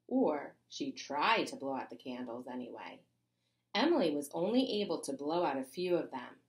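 A woman reading a children's chapter book aloud in an expressive, playful way. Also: sits low. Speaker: reader.

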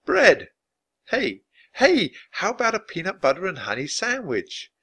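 A man's voice: on the high side, big pitch swings, fairly quick, sharp tone, pitched above the performer's own voice, exaggerated voice. A man voicing Jack, a cautious, bookish young boy, in a slightly raised, earnest storybook voice.

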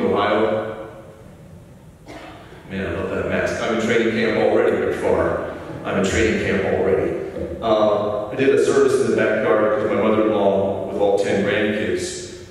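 A man's voice: on the low side, a little hiss or hum. Folksy preacher man in an echoey church. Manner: folksy, self-deprecating humor. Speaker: pastor. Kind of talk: conversational sermon. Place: church sanctuary. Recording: echoey church hall from far off.

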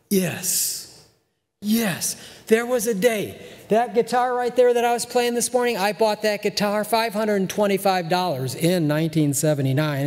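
A man's voice: sits high, a little mellow. An older man, a pastor from Texas, preaching a folksy, emphatic sermon in a church sanctuary and repeating phrases for stress. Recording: long church reverb.

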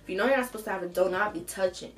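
A young woman hosting an advice show, reading a submitted story aloud and reacting to it with animated, profane commentary. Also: medium pitch, racing, low-quality recording. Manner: animated, swears freely, reacts loudly between read passages.

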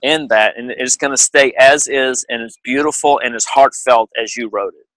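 Bright, emphatic male radio co-host. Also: medium pitch, normal speed, dry recording, rough recording. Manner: earnest and emphatic. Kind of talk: talk show conversation.

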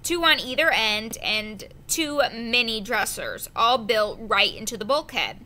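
A woman reading a children's adventure novel aloud, slow and careful, with the odd slip of the tongue. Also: fairly high pitch, expressive, bright, forceful tone. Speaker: audiobook reader. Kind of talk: storybook narration.

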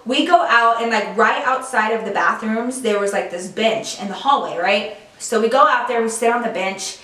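A woman's voice: on the high side, normal speed, fairly bright tone, far from the mic. Chatty young woman in an echoey room. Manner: chatty, heavy use of "like". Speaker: vlogger. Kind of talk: casual storytime.

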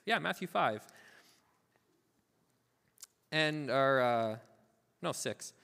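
Animated pastor preaching in a reverberant hall. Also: male voice, medium pitch, extremely slow, gravelly. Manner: animated storytelling, acting out the parable's voices; informal, filler-heavy asides. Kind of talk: sermon. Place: church sanctuary.

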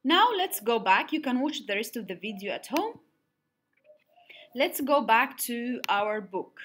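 A woman teacher slowly counting syllables for young pupils, with clear emphatic clapping and counting. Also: on the high side, a little hiss or hum. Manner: slow, clapping out syllables, lively sing-song.

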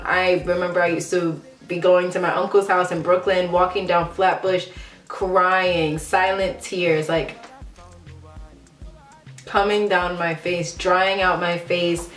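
A woman in her late twenties from a Ghanaian family in the United States, talking candidly in a casual vlog and filling her speech with "like.". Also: on the low side. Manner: chatty and candid, many "like" fillers. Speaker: vlogger. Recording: roomy echo, faint background music.

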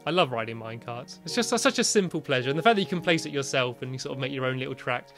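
A man's voice: mid-range voice, animated, very fast, few pauses, a bit bright, faint music behind. A young British man chatting casually as he commentates his own gameplay, rambling and friendly. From Britain. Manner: chatty, rambling, shrieks when scared. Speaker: gaming YouTuber.

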